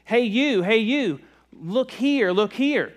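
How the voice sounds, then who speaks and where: A man's voice: extremely high pitch, lively intonation, slow pace, pitched above the performer's own voice, exaggerated voice. A man voicing a talking female frog from a joke in a sermon, in a raised, insistent voice. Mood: calling out. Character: talking female frog, cheerful, eager, promising.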